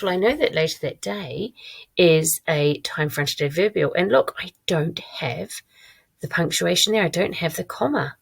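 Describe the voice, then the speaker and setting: A woman teacher giving a recorded online lesson, modelling her own writing aloud in a clear, encouraging way. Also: on the low side, animated, normal speed. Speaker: primary school teacher.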